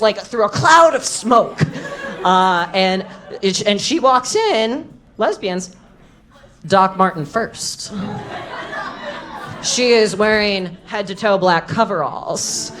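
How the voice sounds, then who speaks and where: A comedic storyteller telling a live story to an audience, animated and bursting into loud shouts at punchlines. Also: female voice, medium pitch. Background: audience laughter.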